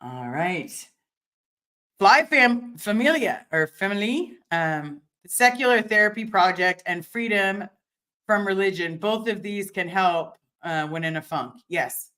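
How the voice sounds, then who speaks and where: A woman's voice: medium pitch, lively intonation, a little slow, a bit bright. Young woman, casual livestream host at home, candid and chatty, lots of restarts. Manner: candid and chatty, swearing, many fillers and restarts. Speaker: livestream host answering viewer comments.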